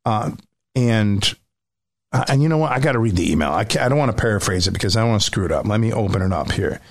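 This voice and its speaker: A man's voice: lowish voice, fast. A man chatting casually as a streamer guest, telling a story with feeling, with frequent restarts. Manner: emotional, animated storytelling with many restarts. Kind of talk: casual chat.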